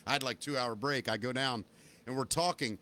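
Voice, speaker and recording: A man hosting a podcast in casual chat, an animated, joking storyteller. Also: mid-range voice, fairly quick, a little hiss or hum. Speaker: podcast host.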